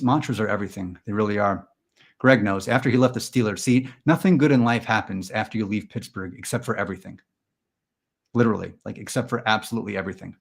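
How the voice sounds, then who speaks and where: A man hosting a comedy livestream, leading a parody guided meditation in a slow, soothing tone that slides into sarcastic rants. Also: fairly low pitch. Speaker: comedy show host.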